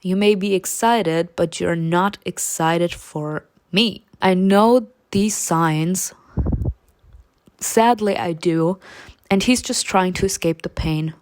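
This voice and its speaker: A woman reading a story game aloud and talking back to it, animated and dryly sarcastic in her asides. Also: lowish voice, slow.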